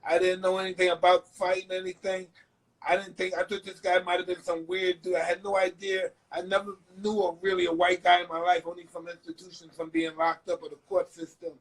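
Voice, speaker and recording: A man chatting as a guest on a live phone video call, speaking haltingly, repeating himself and searching for words. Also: high-pitched, completely flat delivery, poor audio. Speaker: guest, retired boxer. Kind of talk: casual chat.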